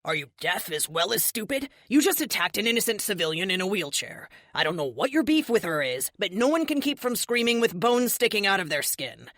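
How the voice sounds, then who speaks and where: A woman's voice: on the low side, very animated, a little fast, hardly any pauses, a bit bright, dry recording, clean studio sound. A woman reading a stern, commanding middle-aged male police officer in an audiobook. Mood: angry.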